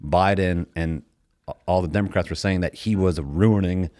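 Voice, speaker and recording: A man's voice: deep voice, steady tone, moderate pace, dark tone, no room sound, studio quality. A man in his thirties hosting a podcast, talking in a rambling, opinionated way about current events. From United States. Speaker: podcast host. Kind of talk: casual chat.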